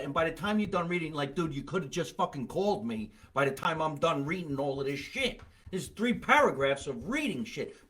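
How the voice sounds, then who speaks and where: A man's voice: on the high side, big pitch swings, normal speed, fairly bright tone. A man hosting a comedy podcast, talking in a blunt, profane, rambling way in casual chat. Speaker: podcast host.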